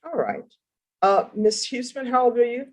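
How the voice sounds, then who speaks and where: A woman judge in a courtroom, asking formal, deliberate questions in a stern manner. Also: on the high side, poor audio. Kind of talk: courtroom plea hearing.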